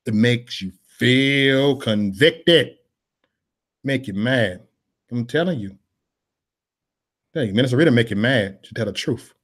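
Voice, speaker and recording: A man delivering a preachy, freewheeling monologue, repeating his phrases in a sermon-like cadence and mixing in casual slang, swinging from loud declarations to mumbled asides. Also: medium pitch, takes it slowly, long pauses. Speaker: political vlogger. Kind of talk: preachy live-stream monologue.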